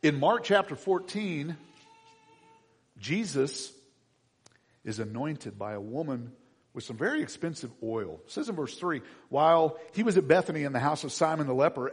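A man preaching a sermon as pastor, animated, swinging between loud emphatic lines and quiet asides, acting out everyday voices as he goes. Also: a little high. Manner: acts out everyday voices in quotes. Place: church sanctuary. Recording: husky voice in a reverberant hall.

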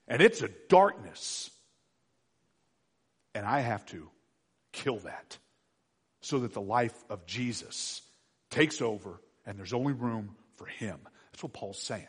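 A middle-aged man preaching a sermon, moving from quiet asides to loud, emphatic exhortation. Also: medium pitch, animated, unhurried, breathy edge, long reverb tail. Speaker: pastor.

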